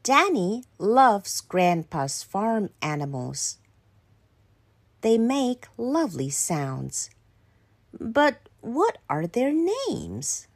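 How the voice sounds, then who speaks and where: A woman whose first language is Mandarin Chinese, a children's English teacher reading a picture book aloud in a slow, sing-song storytelling way with character voices. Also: mid-range voice, sing-song, husky.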